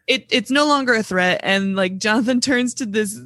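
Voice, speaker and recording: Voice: medium pitch, normal speed, sharp tone, dry recording, clean studio sound. Easygoing podcast co-host recapping a scene. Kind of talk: casual movie recap chat.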